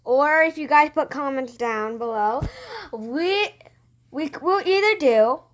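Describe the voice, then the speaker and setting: A woman co-hosting a casual gameplay video in a high voice. She rambles excitably and restarts her sentences often. The talk is loose and chatty throughout. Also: takes it slowly. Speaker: gaming channel co-host.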